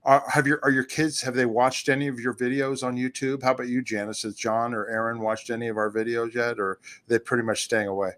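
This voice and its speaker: A man hosting a casual discussion, asking questions and retelling conversations with animated quoting. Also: mid-range voice, fast, few pauses. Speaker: host. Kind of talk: casual chat.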